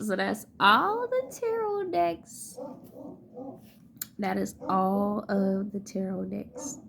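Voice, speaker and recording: Woman, tarot reader, gravelly, very slow and drawn out, laughs a lot, sings between points. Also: mid-range voice. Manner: laughs often, breaks into song. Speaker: tarot and oracle card reader. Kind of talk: casual spiritual card reading with singing.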